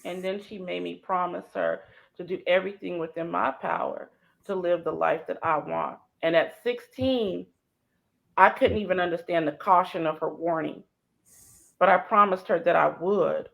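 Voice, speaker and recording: Middle-aged woman telling a big emotional story, goes quiet then loud, motivational speaker vibe. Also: on the low side, moderate pace, gravelly, rough recording. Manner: dramatic, swings from soft to shouting.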